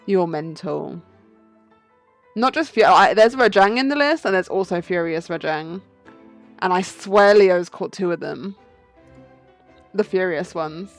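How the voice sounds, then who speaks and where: A woman's voice: fairly low pitch, expressive, measured pace, long pauses, faint music behind. A woman streamer chatting casually and teasing her chat during a game playthrough.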